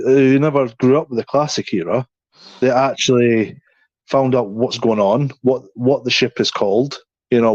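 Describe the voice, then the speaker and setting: The podcast co-host speaks in a mid-range, darkish voice, with no room sound and a dry, slightly dull recording. Chatting casually, he rambles through many restarts and repeated "you know what I mean."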